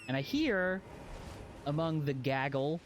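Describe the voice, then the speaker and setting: Male streamer, slightly high voice, rambling casual commentary, keeps interrupting himself with chuckles. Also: animated, takes it slowly, a little hiss or hum. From Western. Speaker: game streamer. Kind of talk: casual gameplay commentary with anecdotes.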